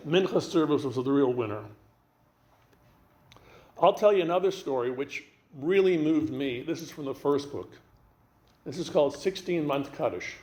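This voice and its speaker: A man speaking as a guest rabbi, telling stories in an animated way and acting out the dialogue. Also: on the high side, echoey room. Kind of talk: storytelling talk.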